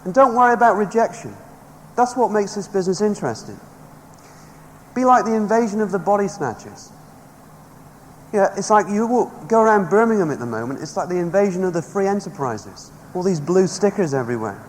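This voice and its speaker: A man's voice: high voice, expressive, fairly quick. A man giving an emphatic motivational seminar speech to a live audience, rallying them with stories. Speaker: motivational speaker. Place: large hall with a live audience. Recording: echoey hall, faint background noise.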